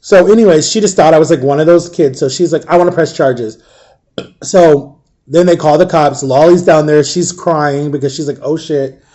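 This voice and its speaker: A man telling a rambling, animated personal story in a casual vlog. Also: a little high, normal speed. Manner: rambling, animated, acts out quoted voices.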